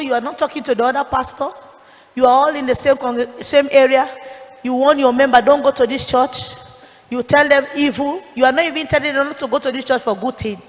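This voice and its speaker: A woman evangelist, preaching a forceful, rebuking sermon. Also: sits high. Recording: long reverb of a conference hall.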